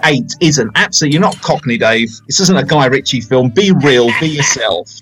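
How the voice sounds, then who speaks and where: A man's voice: mid-range voice, fairly quick, fairly bright tone, soft background music, low-quality recording. A man in his forties hosting a podcast, chatting about films in a rambling, self-mocking way. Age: 40s. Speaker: podcast host. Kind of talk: casual film chat.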